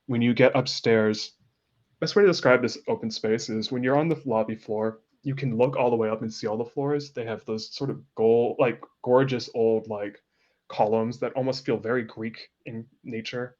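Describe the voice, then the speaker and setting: A man running a tabletop game, painting scenes in a loose, amused, chatty way. His voice sits in an ordinary middle pitch. The recording is dull and lo-fi. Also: steady tone, moderate pace, darkish tone. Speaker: game master. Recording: dull lo-fi sound.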